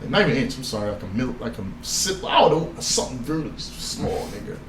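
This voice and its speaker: A man co-hosting a casual podcast chat, talking in an animated, insistent way and swearing freely. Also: mid-range voice, rapid-fire, very noisy. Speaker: podcast co-host. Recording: echoey room with faint ambience.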